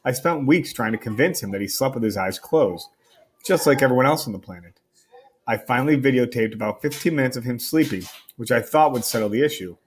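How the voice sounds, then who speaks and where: A male teacher reads a novel aloud to his class in a wry, conversational storytelling style. His voice is husky and mid-range, and he moves at a brisk pace.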